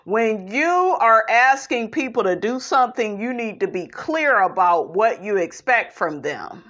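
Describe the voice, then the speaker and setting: A woman's voice: on the high side, lively intonation, a little slow, a bit bright, muffled recording. A woman vlogger recapping a reality show in blunt, sassy, profane casual commentary, calling viewers "honey".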